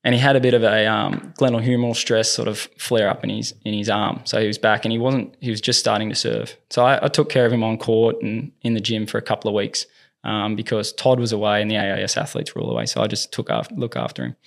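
An Australian man, a tennis movement coach, telling lively anecdotes in a casual interview. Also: fairly low pitch, quick pace, vocal fry. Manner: lively anecdotes, acts out quoted dialogue.

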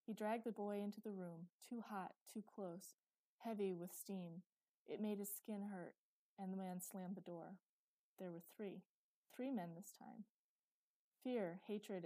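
A woman reading scripted fantasy narration in a steady, measured way. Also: medium pitch, no room sound, low-quality recording. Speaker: audiobook narrator.

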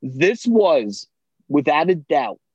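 A man's voice: on the high side, big pitch swings, takes it slowly, darkish tone, slightly rough, no echo. Blunt, cursing man on a dull dry track. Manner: blunt, profane, ranting. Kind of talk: casual chat.

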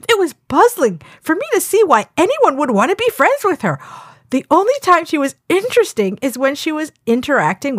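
Lively woman, dry close sound. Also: high-pitched, no echo. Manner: lively, reads comments with playful emphasis. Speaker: podcast co-host. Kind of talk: casual chat.

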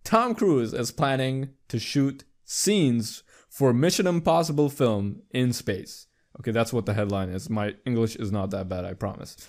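A young man hosting a podcast, chatting casually in a rambling, profane way and jumping into high squeaky voices for quips. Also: moderate pace, darkish tone. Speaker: podcast host. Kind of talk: casual chat.

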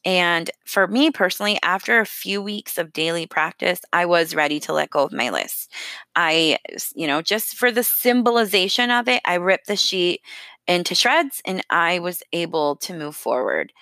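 Bright-voiced woman sharing personal advice. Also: fairly low pitch, no echo. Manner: candid, self-deprecating, with restarts. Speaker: self-help speaker.

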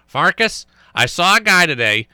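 A gruff older male baseball coach with a Southern US drawl leans in to share a hunting tale in a low, folksy tone, as a man puts him on. The voice stays bright and clean. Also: sing-song, normal speed, dry recording, studio quality, exaggerated voice. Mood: confiding.

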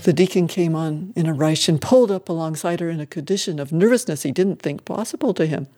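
A storyteller reading an old-fashioned story aloud in a steady, measured way. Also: medium pitch.

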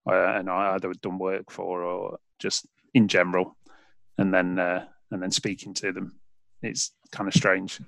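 A man's voice: fairly low pitch, vocal fry, a bit bright, dry recording. A British man hosting a podcast, rambling in casual chat with lots of fillers and restarts. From United Kingdom. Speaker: podcast host.

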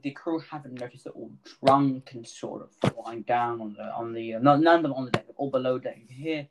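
A man's voice: mid-range voice, fairly quick, very noisy. A man narrating as game master of a tabletop game, rambling and often correcting himself mid-sentence.

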